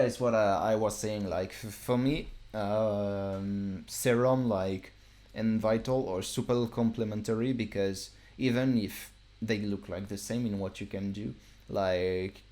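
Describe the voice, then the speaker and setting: Male producer, deep voice, casual stream walkthrough, relaxed and rambling with fillers.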